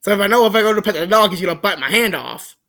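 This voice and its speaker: A young man with a high voice tells a story in a loose, rambling way. He keeps restarting his sentences and filling pauses. His retelling is joking and animated. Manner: rambling, full of fillers and restarts. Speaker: vlogger. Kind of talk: casual storytelling.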